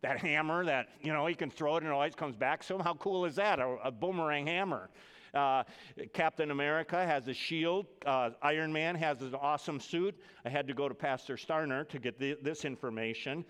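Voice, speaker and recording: A male pastor delivers a conversational sermon in a church, his smooth, resonant voice carried by a long hall reverb. He moves between casual, lively asides and a hushed, gentle tone for scripture and prayer. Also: a little high, brisk. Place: church sanctuary.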